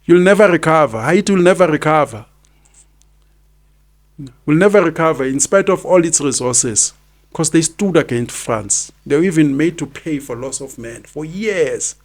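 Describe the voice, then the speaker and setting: A South African man in his fifties hosts a podcast full of opinionated commentary, repeating points for emphasis. His fairly high voice is animated, and his pace is moderate.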